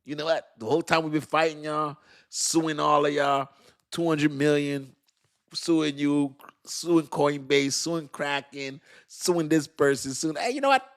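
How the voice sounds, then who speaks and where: A man's voice: a little high, unhurried. Laughing, slangy male livestream host. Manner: animated, slangy, laughs often, talks to chat. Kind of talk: casual livestream commentary.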